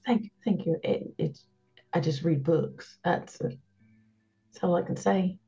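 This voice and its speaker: A woman's voice: fairly low pitch, measured pace, gravelly, mellow, muffled recording, soft background music. A woman playing a tabletop game, talking in a hesitant, laughing way. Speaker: player.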